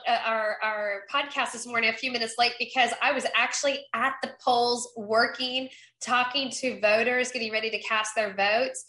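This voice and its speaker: A woman's voice: on the high side, pushed and bright, echoey room, low-quality recording. A woman running for Congress, from North Carolina, speaking upbeat and effusive in a podcast interview, often restarting her sentences. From Eastern North Carolina. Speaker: congressional candidate.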